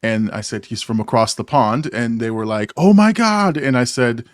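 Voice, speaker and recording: A man's voice: medium pitch, lively intonation, moderate pace, no echo, studio quality. A man in his forties hosting a casual movie chat, rambling and self-deprecating, laughing often. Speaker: podcast host.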